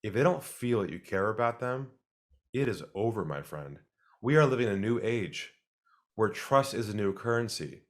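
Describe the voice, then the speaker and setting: A man being interviewed as a sales expert, speaking calmly and deliberately and acting out the people he quotes. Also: on the low side.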